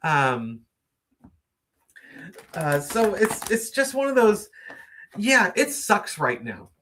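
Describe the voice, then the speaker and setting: Male stream host, casual late-night chat, meandering delivery full of ums, lively up-and-down pitch. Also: slow. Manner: rambling and musing, with many fillers; reads viewer comments aloud and greets viewers.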